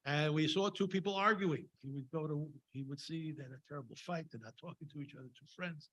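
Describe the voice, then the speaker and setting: A man's voice: a little high, quick pace, fairly bright tone, breathy edge, highs cut off. A man giving an informal, conversational sermon at a synagogue service, wandering into wry asides as he retells a scripture story. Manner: conversational and digressive, with frequent fillers and wry asides. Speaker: speaker giving a Torah talk at a Shabbat service.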